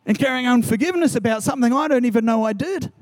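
A man's voice: very high voice, animated, racing, no room sound. A man preaching a sermon as a pastor, urging his listeners earnestly and repeating key phrases, then leading a prayer.

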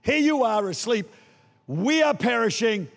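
An older man preaching a sermon as a guest pastor, animated and acting out voices, shouting for emphasis. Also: very high voice, a little slow, creaky, long reverb tail.

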